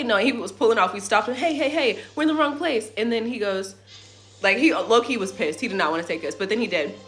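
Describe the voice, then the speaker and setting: A young woman telling a rambling, animated story about her family's trip in a casual vlog at home, with swearing and side remarks. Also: mid-range voice. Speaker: family vlogger. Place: at home in a rental apartment.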